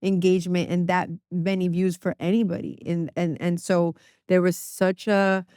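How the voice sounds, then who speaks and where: A woman's voice: on the low side, little pitch movement, normal speed, warm tone, clean tone, no echo, studio quality. A woman, a music publicist and podcast guest, talking in a chatty way with many fillers. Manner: chatty, filler-heavy, says "like" often. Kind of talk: casual podcast conversation.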